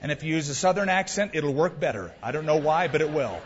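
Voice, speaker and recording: Male pastor, fairly high husky voice, emphatic conversational sermon, dull hall recording. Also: animated, fast. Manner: emphatic, conversational preaching with asides.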